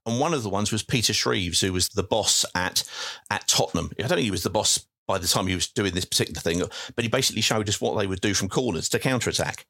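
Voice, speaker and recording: Low-voiced man chatting football. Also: lively intonation, quick pace, gravelly, a bit bright. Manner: chatty, teasing, long explanations. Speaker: podcast co-host. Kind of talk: casual football chat.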